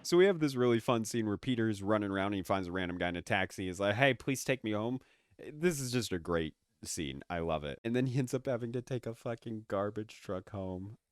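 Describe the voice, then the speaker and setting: Excitable, swearing young movie reviewer. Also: male voice, on the low side, fairly quick, few pauses, clean tone, dry recording. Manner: excitable, sarcastic and profane. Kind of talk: casual movie commentary.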